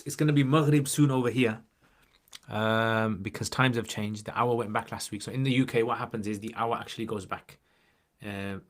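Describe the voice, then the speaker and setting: A chatty man in his forties hosts a relaxed livestream, joking with viewers and answering their questions. His voice sits at an ordinary middle pitch, and he has a slight chesty cough. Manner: chatty and joking, scattering in religious Arabic phrases. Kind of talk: casual livestream chat.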